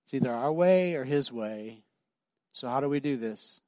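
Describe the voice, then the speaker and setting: A man's voice: medium pitch, expressive, moderate pace, a little mellow, no echo. A middle-aged man pastor preaching a sermon, emphatic and repetitive, telling stories in a conversational way.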